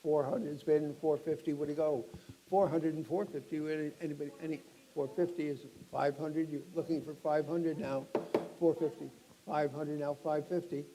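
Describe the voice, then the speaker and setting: A middle-aged man working as an auctioneer, describing each lot and then calling bids in a rapid chant. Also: a little high, steady tone, crowd noise, rough recording.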